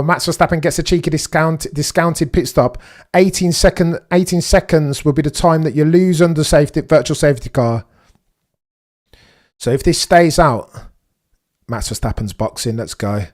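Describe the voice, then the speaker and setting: A young man hosting a live race watchalong, chatting excitedly to his viewers and reacting with slang. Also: fairly high pitch, brisk. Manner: excitable, chatty, British slang, talks to chat. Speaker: livestream host.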